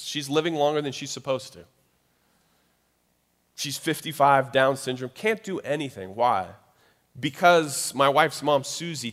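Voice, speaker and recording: A man's voice: medium pitch, fairly bright tone. A man preaching a sermon as pastor, in a conversational style with frequent asides to the listeners. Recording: long reverb of a large hall.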